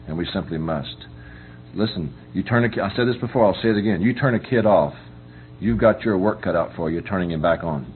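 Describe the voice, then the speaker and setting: A middle-aged man with a low voice preaches a folksy, conversational sermon about parenting at a fairly quick pace, often checking whether listeners understand. The recording sounds tinny and phone-like, with a faint hum.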